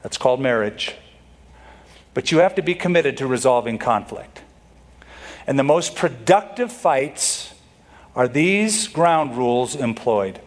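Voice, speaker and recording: A man preaching a sermon with an animated delivery, slipping into mock voices for quotes. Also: mid-range voice, measured pace, pauses often. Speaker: pastor.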